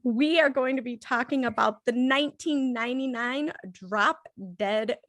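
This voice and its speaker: A woman co-hosting a casual comedy podcast, bubbly and quick to laugh. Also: high-pitched, dry recording, studio quality. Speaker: podcast co-host.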